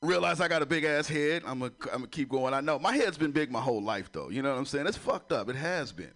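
Speaking fast at a medium pitch with lively intonation and a fairly bright tone, a man does crude stand-up and cracks himself up. He's an adult with a son, and his loose, chatty delivery is peppered with "you know."

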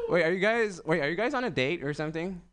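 The recording is very noisy and captures a young man with a fairly high voice doing open-mic stand-up. His delivery is loose and meandering, with plenty of fillers and self-amused laughter.

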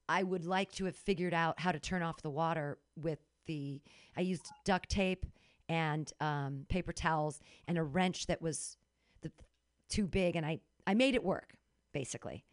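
A woman's voice: low-pitched, unhurried, dry recording, studio quality. A woman telling an emotional story in casual podcast chat, dramatic and full of restarts.

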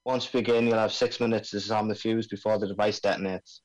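Man doing a put-on aussie accent as a laid-back bomb expert, low voice, amateur table read. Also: little pitch movement, fast, natural voice, rough recording. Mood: breezy. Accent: put-on Australian. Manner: slang-heavy, breezy, stumbles over jargon. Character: brash male Australian bomb-disposal expert. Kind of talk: amateur table read over a video call.

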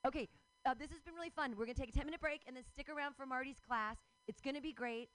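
A middle-aged woman performing a rambling stand-up comedy set, excitable and swearing freely. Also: high voice, rapid-fire, poor audio.

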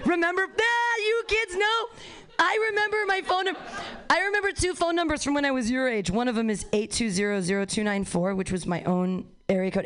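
A woman with a voice on the higher side works through a stand-up set at a small live venue. She rambles from bit to bit, swears freely, and breaks into little laughs at her own jokes. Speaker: stand-up comedian.

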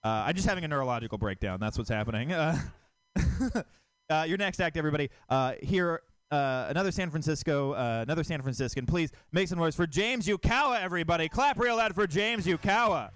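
A man's voice: on the high side, animated, a little fast, a bit bright, no echo, clean studio sound. A man from Montana hosting a comedy show, introducing acts in a rambling way and stumbling over his words. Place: comedy club stage.

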